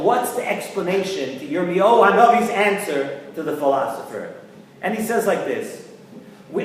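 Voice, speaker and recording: Male rabbi, high pitch, earnest rhetorical preaching, very echoey recording. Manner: earnest preaching with rhetorical questions, mixes Hebrew terms. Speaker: rabbi giving a weekly Torah talk. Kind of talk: sermon. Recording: echoey room with long reverb.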